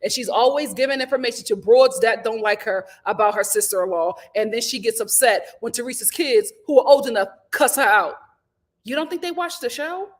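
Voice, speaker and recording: A woman's voice: on the high side, a little fast. A woman hosting a casual reality TV recap, talking in a sassy, slangy, opinionated way. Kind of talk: casual live recap chat.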